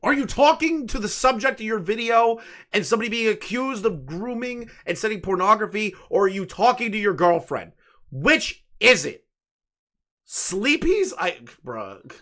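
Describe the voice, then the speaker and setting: A man's voice: high-pitched, expressive, moderate pace, a bit bright. A man in his late twenties hosting casual commentary, reading messages aloud and mocking them with incredulous, profane asides. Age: late 20s. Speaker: commentary host.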